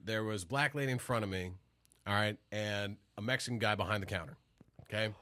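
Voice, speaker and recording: A man's voice: lowish voice, brisk, pushed and bright. A man telling a story on a casual podcast, acting out other people's voices and swearing freely. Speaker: podcast host.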